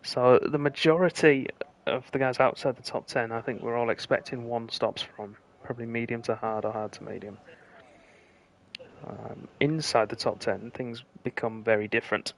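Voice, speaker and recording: Man, lead race commentator, brisk play-by-play, mid-pitched voice, live stream. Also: vocal fry, slight background noise. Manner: brisk play-by-play, rising excitement at close finishes. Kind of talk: live sim-racing commentary.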